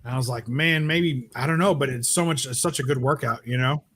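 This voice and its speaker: A man's voice: mid-range voice, fairly quick, a bit bright, slightly rough. A man sharing easygoing, rambling anecdotes in a casual podcast chat.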